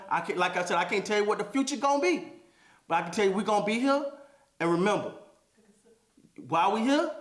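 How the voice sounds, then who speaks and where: A man's voice: sits high, a bit bright. A man hosting a podcast, giving an emphatic motivational monologue and repeating phrases for emphasis. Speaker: podcast host. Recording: echoey room.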